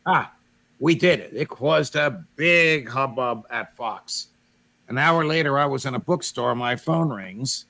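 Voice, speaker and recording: A man's voice: mid-range voice, measured pace, creaky. A man hosting an online roundtable, telling anecdotes with energy and putting pointed questions to his guests over a remote call. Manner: storytelling, animated, asks pointed questions. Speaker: show host. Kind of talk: roundtable discussion.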